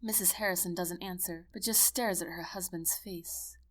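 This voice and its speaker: A woman narrating a first-person audiobook in an earnest, expressive storytelling manner. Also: fairly low pitch, normal speed.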